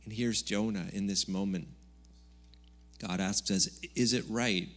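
A man with a lowish voice preaches a Sunday sermon in a relaxed, conversational way. He mixes jokes into the preaching and sometimes gets loud for emphasis. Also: a little slow. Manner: conversational, jokey preaching with sudden loud bursts. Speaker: pastor. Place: church service.

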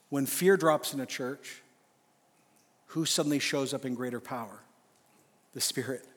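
A man preaching an earnest, emphatic sermon at a men's conference. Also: medium pitch. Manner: earnest, emphatic, slows for a read-out prayer. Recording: live hall reverb, faint music.

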